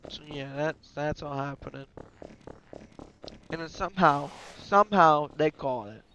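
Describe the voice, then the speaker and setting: A man's voice: fairly high pitch, a little slow, pushed and bright, muffled recording, slight background noise. A man casually narrating a game story, rambling and offhand. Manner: rambling and offhand, slipping into character voices. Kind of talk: casual storytelling over gameplay.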